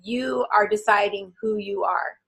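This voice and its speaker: An animated woman in her forties talks enthusiastically as an interview guest and scatters filler words through her sentences. Her voice is husky and breathy. Her pitch sits in the middle of the range. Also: a little slow, poor audio. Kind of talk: casual interview chat.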